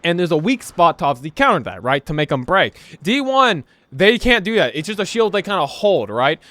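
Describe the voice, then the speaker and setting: A man's voice: fairly high pitch, very animated, brisk, pushed and bright, no room sound. A young man rambling through casual gameplay commentary, laughing often and tossing in slang and "right?" as he talks. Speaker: gaming YouTuber.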